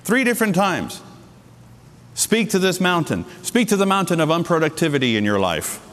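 A man's voice: very animated, fairly bright tone. Man preaching in an echoing hall. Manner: emphatic preaching with sudden pitch jumps and slowed stresses. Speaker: pastor. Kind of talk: sermon.

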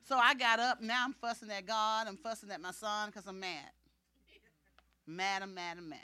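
A woman preacher telling a personal testimony in a sermon, animated and acting out the dialogue. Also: mid-range voice, moderate pace, smooth.

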